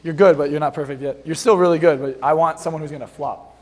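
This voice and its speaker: A young man giving an energetic, boastful hypnosis seminar to a live audience, telling stories from the stage. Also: fairly high pitch, fast. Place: large hall with a stage. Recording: long hall reverb.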